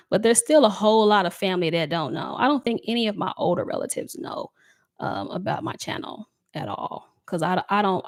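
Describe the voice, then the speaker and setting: A woman's voice: mid-range voice, creaky. A woman talks casually to her livestream viewers in a mid-range voice. She is heartfelt and gets emotional as she reads their comments aloud and thanks them. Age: adult with a child. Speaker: tarot reader livestream host.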